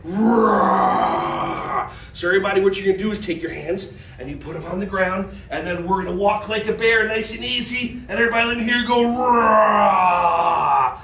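A high-voiced man leads children through an animal warm-up, animated and encouraging with playful sound effects. He is recorded from a distance in a roomy space with faint ambience behind him. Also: rapid-fire, gravelly, hardly any pauses, slight background noise. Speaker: children's movement instructor. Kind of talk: leading a children's warm-up game.

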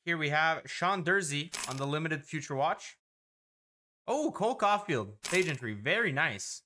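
An excitable man talks through a card-opening video, listing player names quickly and breaking into exclamations. His voice sits a little high for a man and sounds bright and forceful. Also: slight background noise. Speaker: host opening hockey card packs. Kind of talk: casual card-opening commentary.

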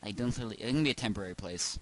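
This gaming video host speaks low and at a racing pace, goofily rambling to himself during casual let's-play commentary at home. The recording is low quality, with heavy background hiss.

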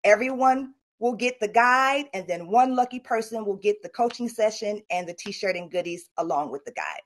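A woman's voice: medium pitch, normal speed. A middle-aged woman giving a motivational talk at an online summit and coaching her audience directly. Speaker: speaker.

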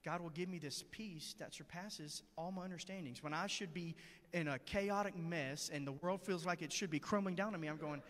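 Preacher with a slightly raised voice, reverberant hall. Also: male voice, fairly high pitch, a little fast, fairly bright tone. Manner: storytelling, conversational and earnest. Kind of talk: sermon. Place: church sanctuary.

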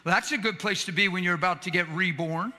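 A man preaching a sermon as a pastor, in folksy everyday grammar, swinging from loud shouts to hushed near-whispers. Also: high-pitched, fast, background noise. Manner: plain colloquial grammar. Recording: echoey hall.

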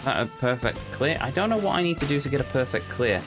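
A man's voice: mid-range voice, lively intonation, quick pace, music in the background. A man casually commenting while playing a game, muttering to himself with dry jokes. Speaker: let's play host.

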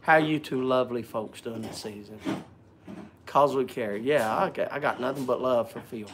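A man's voice: medium pitch, moderate pace, noisy background. A man hosting a casual live stream, joking and chatting, greeting viewers by name, often repeating and stumbling over words.

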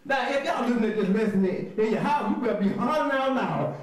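High-voiced shouting Bible teacher, very echoey. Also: male voice, fast, recorded from a distance, a loud crowd. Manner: energetic, often shouting, spells words letter by letter; laughs often, coaxing the class to repeat. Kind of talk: call-and-response Bible lesson. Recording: very echoey room.

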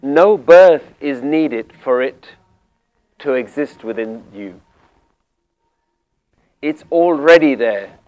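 A man teaching Sikh scripture, explaining word meanings calmly and deliberately, repeating key phrases. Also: medium pitch. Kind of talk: slow spiritual explanation.

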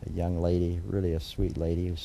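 A man's voice: low voice, level tone, fast talker, gravelly, dark tone, slight background noise. An older man, a judge being interviewed, telling a long family story in a rambling way with many fillers and restarts. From United States. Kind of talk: oral history interview storytelling.

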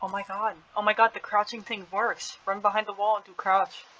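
A young woman playing a horror game with a friend, talking in quick frantic bursts, gasping, swearing and shouting warnings. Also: medium pitch, little pitch movement, poor audio. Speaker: gamer.

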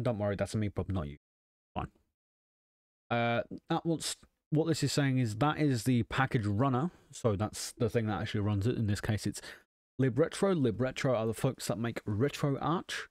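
A man talks through a software tutorial in a casual, wry way and makes light of his own mishaps. His voice sits at an ordinary middle pitch. The recording is dry and close, with no room sound. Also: no room sound. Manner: wry, self-deprecating asides. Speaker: tech channel host.

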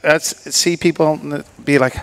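A man's voice: on the high side, fairly even intonation, normal speed, fairly bright tone. A man from South Africa with a South African accent, co-hosting a podcast and telling anecdotes in casual chat. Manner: storytelling, laughs at own anecdotes. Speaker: podcast co-host.

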